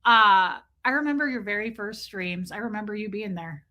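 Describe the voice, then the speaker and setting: A woman's voice: mid-range voice, animated, normal speed, bright, forceful tone. A woman hosting a casual live stream, chatting loosely with viewers, greeting them by name and swearing freely.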